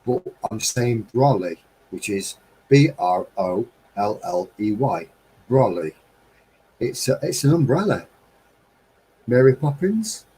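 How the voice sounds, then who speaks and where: Chatty man, mellow voice. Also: mid-range voice, husky, low-quality recording. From England. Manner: chatty, rambling, laughs and sings snatches. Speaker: live stream host. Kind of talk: casual live chat.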